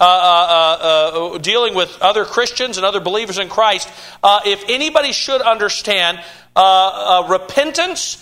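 A man preaching a sermon in a high, bright voice. He stammers and restarts phrases often, building an emphatic cadence as he drives each point home. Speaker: pastor.

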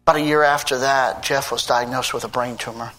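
A man's voice: fairly even intonation, fairly quick, bright, forceful tone, faint music behind. A man, a pastor giving a sermon testimony, earnestly telling stories and acting out quoted conversations. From United States. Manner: earnest storytelling, acting out quoted talk with big pitch swings.

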